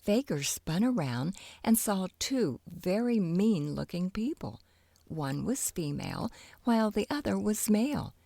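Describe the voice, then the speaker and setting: A woman narrating a children's audiobook with animated storytelling. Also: mid-range voice, a little slow, vocal fry, dry recording.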